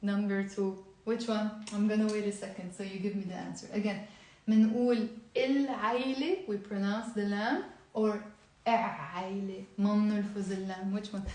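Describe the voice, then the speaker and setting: A woman teaching an online language lesson, repeating words slowly and patiently. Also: mid-range voice, flat delivery, mellow, heavy reverb, distant mic.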